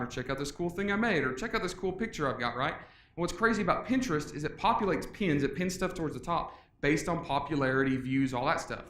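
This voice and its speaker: A middle-aged man gives an upbeat, casual conference talk and jokes with his listeners. His voice sits a little high. The sound carries the echo of a large room. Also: a little hiss or hum. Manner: energetic, casual, joking with the audience. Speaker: conference speaker. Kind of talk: live presentation.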